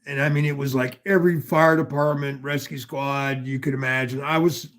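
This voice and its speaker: A man's voice: medium pitch, steady tone, moderate pace, fairly bright tone. A man from northwestern Pennsylvania telling a long story in casual chat, rambling and profane with many asides.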